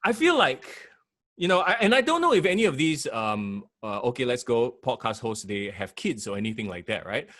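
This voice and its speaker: A man's voice: mid-range voice, very animated, fairly quick, fairly bright tone. A man co-hosting a podcast, emphatic and preachy in casual discussion. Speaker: podcast co-host and radio broadcaster.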